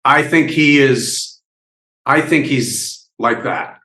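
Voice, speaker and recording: Slow-talking older man in an echoey room. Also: mid-range voice, sharp tone. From United States. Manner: rambling, halting storytelling with many restarts. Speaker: actor interviewee. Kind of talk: reminiscing interview.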